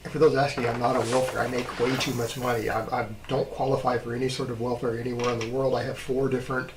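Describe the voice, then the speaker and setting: A man's voice: mid-range voice, level tone, fast talker, background noise. A middle-aged man from Texas in a casual, rambling monologue to camera, defiant and full of rhetorical questions. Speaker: online video creator.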